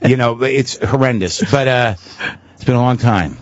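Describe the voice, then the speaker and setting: A man's voice: medium pitch, moderate pace, slight background noise. A man telling candid, self-mocking stories as a comedian guest on a talk show, with frequent restarts and swearing. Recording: dull lo-fi radio broadcast.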